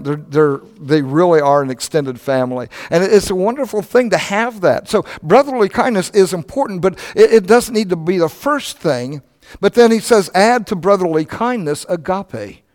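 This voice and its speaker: Storytelling preacher, older man, reverberant hall. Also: fairly high pitch. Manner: conversational storytelling preacher, animated asides. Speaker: pastor. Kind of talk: sermon.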